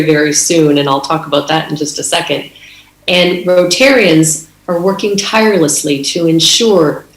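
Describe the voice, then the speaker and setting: Canadian-born woman speaking at a conference, low voice, echoey hall. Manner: earnest, with many restarts and fillers. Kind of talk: storytelling speech.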